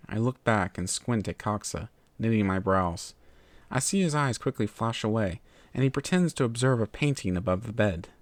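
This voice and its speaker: A man narrating a fan fiction story in a steady, measured way. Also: fairly low pitch, no room sound. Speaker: story reader.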